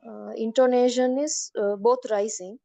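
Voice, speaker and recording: A woman's voice: on the high side, fairly even intonation, moderate pace, vocal fry, dark tone, no room sound. A woman student politely reading out her answers in an online class, hesitant and full of fillers.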